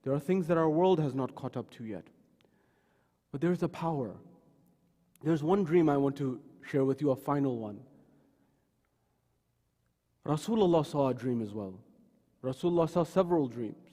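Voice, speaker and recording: A sermon echoes with long reverb through a mosque hall as a man with a high-leaning, dark-toned voice tells stories dramatically. He moves at normal speed with long pauses, animatedly impersonating the people he quotes.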